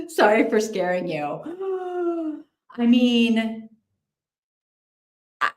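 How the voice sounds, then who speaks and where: A woman's voice: fairly high pitch, big pitch swings, extremely slow, darkish tone, roomy sound. A woman hosting a casual livestream, chatting, thinking aloud and reacting to viewer comments. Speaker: livestream host.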